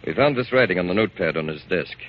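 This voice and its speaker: An actor in a 1940s radio drama playing a police captain who questions the household in a brisk, businesslike way. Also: male voice, low voice, animated. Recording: dull old radio recording, faint hiss.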